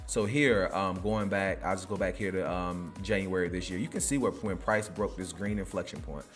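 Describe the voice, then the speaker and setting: A man with a deep, low voice talks through crypto charts in a casual, rambling style. He tags almost every phrase with "right?" and keeps an easy, conversational flow. Faint music plays softly in the background. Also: fairly even intonation, moderate pace. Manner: keeps tagging lines with "right?", loose and chatty. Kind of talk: casual screen-share market commentary.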